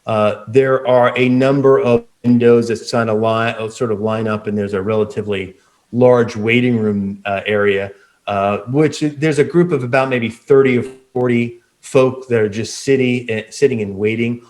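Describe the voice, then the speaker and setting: A man's voice: mid-range voice, steady tone, normal speed, darkish tone. A man narrating a tabletop game as game master, rambling with many fillers and restarts.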